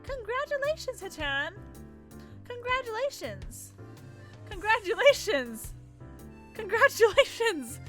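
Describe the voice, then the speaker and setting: A woman's voice: sing-song, a little fast, hardly any pauses, bright, forceful tone, faint music behind, heavily acted. A woman voicing a cheerful, exuberant teenage schoolgirl while reading a visual novel aloud. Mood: bubbly. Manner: high, sing-song and exuberant.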